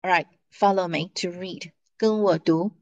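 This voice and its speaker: A woman's voice: lowish voice, fairly even intonation, normal speed, a little mellow, dull audio. A woman teaching pronunciation in a lesson, patient and repeating each syllable for students to follow. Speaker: Mandarin teacher.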